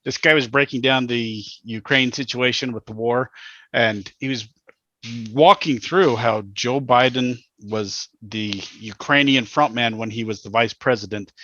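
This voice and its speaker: Blunt bright-voiced male podcast co-host. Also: medium pitch, no echo, highs cut off. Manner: blunt, storytelling, rambling with restarts. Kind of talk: casual chat.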